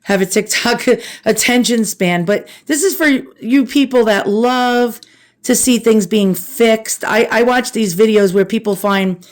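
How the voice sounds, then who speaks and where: A woman's voice: a little high, measured pace. A woman with a New York accent chatting casually to viewers while cleaning an antique at home, self-deprecating and talkative. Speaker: antiques restoration vlogger. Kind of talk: casual restoration vlog.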